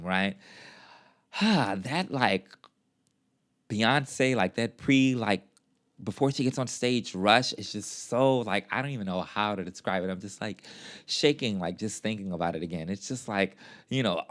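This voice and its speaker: Man, vlogger, lowish voice, gushing and animated, sassy asides, casual chatty recap. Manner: gushing, animated storytelling with lots of fillers.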